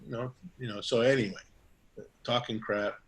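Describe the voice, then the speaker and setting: A man's voice: medium pitch, fairly even intonation, normal speed. Rambling middle-aged man telling stories. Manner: rambling, many fillers and restarts; acts out quoted dialogue in a raised voice. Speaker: guest barber. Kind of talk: casual interview storytelling.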